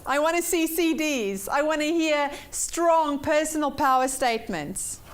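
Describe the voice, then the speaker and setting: A woman's voice: sits high, expressive, measured pace. A woman teaching a weekly personal development workshop, upbeat and repeating points for emphasis while checking in with her class.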